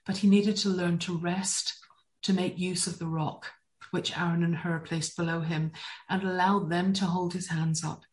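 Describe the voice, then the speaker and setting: Woman, Bible teacher, enthusiastic, lively storytelling, lowish voice. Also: moderate pace, rough recording. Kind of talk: teaching talk on Hebrew words.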